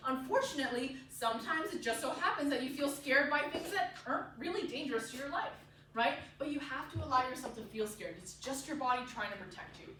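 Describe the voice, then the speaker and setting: A woman teaching a public speaking class to kids and their parents, lively and direct, checking in with "right?" and acting out the nervous thoughts she describes. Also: high-pitched. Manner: lively, tags lines with "right?", acts out quoted inner voices. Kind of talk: classroom lecture. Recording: echoey room, voice from far off, audible noise.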